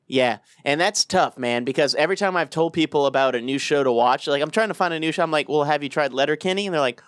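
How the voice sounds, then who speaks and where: A man's voice: a little high, fast talker, a bit bright, dry recording, clean studio sound. A man co-hosting a podcast, rambling and profane, laughing at his own jokes. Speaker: podcast co-host. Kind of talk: casual chat.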